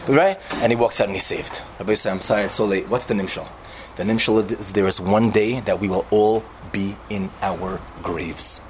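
A man giving an informal sermon, telling a parable in an animated storytelling manner and mixing in Hebrew and Yiddish words. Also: on the low side, normal speed, background noise. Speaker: yeshiva speaker.

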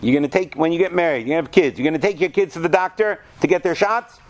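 A man teaching a class of students, animated and talkative, often asking them questions. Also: a little high, quick pace. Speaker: yeshiva teacher. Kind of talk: lecture to students.

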